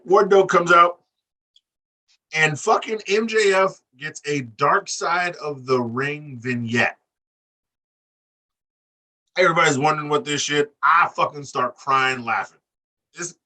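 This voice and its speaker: Loud profane man, set back from the mic. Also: fairly high pitch, a little slow, long pauses, far from the mic. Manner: loud, animated, laughing, swearing freely. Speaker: podcast co-host recapping wrestling. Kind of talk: profane casual chat.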